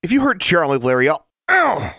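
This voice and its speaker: A man's voice: on the low side, expressive, quick pace, no room sound, clean studio sound, pitched above the performer's own voice. A man voicing a defiant teenage witch girl who snaps indignant retorts.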